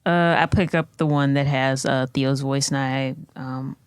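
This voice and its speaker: Low-voiced woman, playful tabletop player. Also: steady tone, clear, resonant tone, no room sound, clean studio sound. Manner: playful, giggly, quick questions. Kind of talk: playing a tabletop game.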